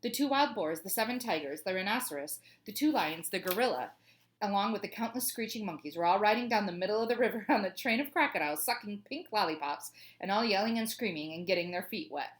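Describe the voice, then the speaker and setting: A woman's voice: medium pitch, expressive, fast talker. A woman, a teacher, reading a children's book aloud in a cheerful, chatty way.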